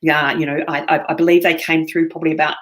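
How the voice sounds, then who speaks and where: A woman's voice: low voice, level tone, quick pace, fairly bright tone. A middle-aged woman with a New Zealand accent presenting a live marketing webinar, talking straight to her viewers and often checking in with "okay?". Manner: upbeat, addresses viewers directly, frequent "okay?" check-ins. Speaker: seminar presenter.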